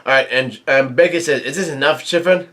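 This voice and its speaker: This man, a manga reviewer, speaks at a middle pitch, recapping a comic chapter and commenting on it. His reading is halting, and he reads characters' lines flatly rather than performing them.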